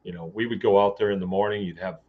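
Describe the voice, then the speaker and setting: Low-voiced man rambling through a farm story. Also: steady tone, fast. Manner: rambling, with many fillers and restarts, acting out quoted dialogue. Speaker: podcast host. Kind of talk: casual storytelling monologue. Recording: dull lo-fi sound.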